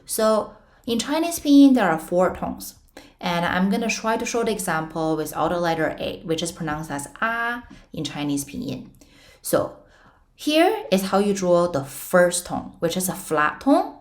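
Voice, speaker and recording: A young woman with a slightly low voice gives a casual online Mandarin lesson at an unhurried pace. She explains patiently, step by step, with playful comparisons. She sometimes models a tone with a high, drawn-out syllable. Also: very animated. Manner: models tones with sudden high sung-out syllables. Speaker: Mandarin teacher.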